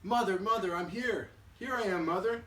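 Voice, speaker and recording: A man's voice: fairly high pitch, fast talker, a little hiss or hum, pitched above the performer's own voice. A man voicing a small, lost baby bird that calls out eagerly as it searches for its mother, recorded in an echoey room from some distance. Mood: eager calling. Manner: pleading, rising to excited cries. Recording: roomy sound, mic at a distance.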